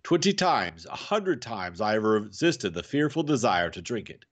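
A man's voice: lowish voice, big pitch swings, moderate pace. A man reading a novel aloud and voicing a stubborn, fiercely determined old male professor, by turns tender and harsh. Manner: tender then harsh and menacing.

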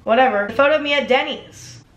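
A woman's voice: high-pitched, fast, a bit bright, reverberant. A young woman vlogging casually, sarcastic and self-deprecating, swearing often. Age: young adult. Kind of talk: casual vlog commentary.

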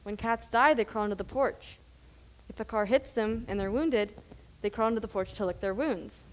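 A student actress playing Claire, a troubled, blunt younger sister, on a school theatre stage. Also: female voice, medium pitch, moderate pace, natural voice, rough recording. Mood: flat. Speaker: student actor. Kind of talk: high school stage play. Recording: live stage audio with faint noise.

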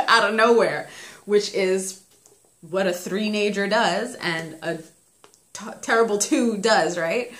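A woman's voice: mid-range voice, a bit bright. A young woman casually chatting about parenting, talking freely and laughing often as she tells stories about her kids. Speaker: parenting vlogger reviewing a book. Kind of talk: casual chat. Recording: roomy echo.

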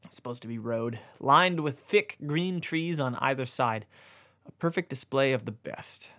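A man's voice: mid-range voice, moderate pace. Man reading a novella aloud. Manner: deadpan reading broken by amused asides and self-corrections. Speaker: reader.

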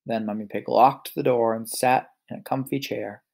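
Gravelly man reading a picture book aloud. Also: medium pitch, normal speed. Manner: relaxed, chatty asides. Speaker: storyteller.

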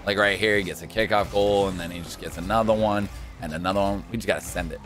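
A young man in casual, jokey gameplay commentary, excitable and quick to shout and laugh. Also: sits low, faint music behind. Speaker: gaming YouTuber.

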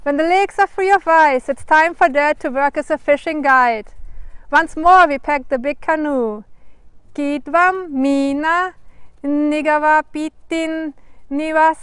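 A woman from Germany with a German accent, reading her picture book aloud in a gentle, careful way, trying out Cree words. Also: sits high, slow pace, dry recording. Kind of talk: storybook reading.

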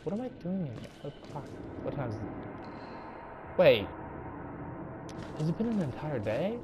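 A man's voice: fairly high pitch, very animated, moderate pace, noisy background. A young man commentating a horror game, jumpy and panicky, swearing and repeating "no, no" and "go, go". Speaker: let's play gamer.

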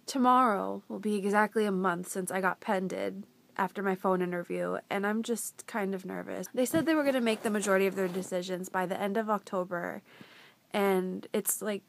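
A woman in her twenties vlogging casually in her bedroom, rambling with lots of fillers. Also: medium pitch. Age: 20s. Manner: chatty, rambling, filler-heavy. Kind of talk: casual confessional vlog.

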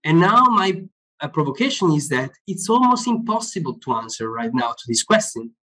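A man's voice: on the high side, sing-song, normal speed, sharp tone, poor audio. A man, an author explaining his ideas in a live online discussion, often repeating words as he searches for phrasing. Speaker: author being interviewed.

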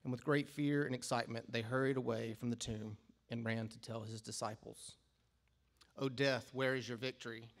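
A man reading a scripture passage aloud in a church service, in a steady, measured way. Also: medium pitch, gravelly. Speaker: scripture reader. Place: church sanctuary.

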